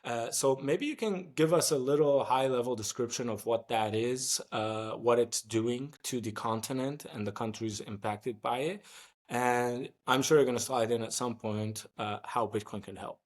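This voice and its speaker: A man's voice: mid-range voice, moderate pace. A man hosting an interview, talking in a direct, emphatic way with some hesitations. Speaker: podcast host. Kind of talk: casual interview talk.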